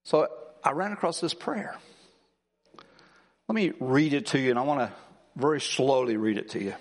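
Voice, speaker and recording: Fervent pastor in a reverberant church. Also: male voice, mid-range voice, sing-song. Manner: builds to emphatic, rising lines, then slows and softens. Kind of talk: Christmas service sermon. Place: church sanctuary.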